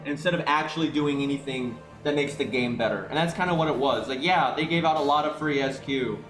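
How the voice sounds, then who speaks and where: A man's voice: a little high, fairly quick, hardly any pauses, fairly bright tone, roomy sound, soft background music. A man streaming live, ranting in exasperation about a game, swearing and restarting his sentences as he goes.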